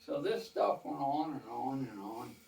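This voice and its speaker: A man's voice: mid-range voice, expressive, unhurried, creaky, a little mellow, slight background noise. An older man telling rambling, folksy war stories to a small audience, quoting others at length. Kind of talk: casual storytelling to a small audience. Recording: roomy, from far off the mic.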